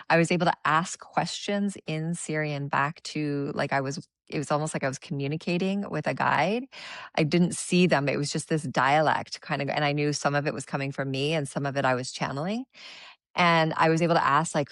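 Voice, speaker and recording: Low-voiced woman guest, earnest. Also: dry recording. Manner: earnest, reflective, speaks of lived experience. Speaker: guest, spiritual channel. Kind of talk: casual chat.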